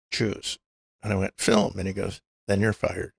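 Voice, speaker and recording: An older man with a low, heavily gravelly voice tells long stories as an interview guest. He acts out what the people in his stories said, and his husky voice sounds dry and close to the mic. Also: level tone, moderate pace, no echo. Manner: anecdotal, acts out quoted dialogue. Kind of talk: storytelling interview.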